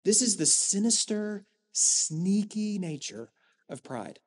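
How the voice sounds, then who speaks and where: Man pastor preaching, earnest emphatic delivery, higher voice, long reverb of a church hall. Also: big pitch swings. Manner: earnest, with rhetorical emphasis and dramatic pauses. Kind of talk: sermon.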